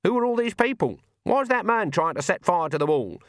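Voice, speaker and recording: A man's voice: sits high, sing-song, a little fast, no echo, studio quality, voice pushed up. A man voicing an agitated, blunt young woman in a storybook reading.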